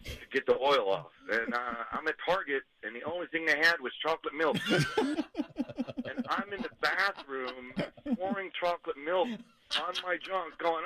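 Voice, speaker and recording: A man's voice: fairly high pitch, sing-song, moderate pace, a crowd in the background, rough recording. A man calling in to a radio show, telling an embarrassing story in a rambling, sheepish way. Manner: sheepish, rambling, laughs at himself. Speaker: caller.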